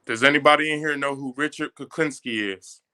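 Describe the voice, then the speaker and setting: Guy with a bright forceful voice, storytelling, preachy and emphatic. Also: medium pitch, brisk, smooth. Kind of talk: casual discussion.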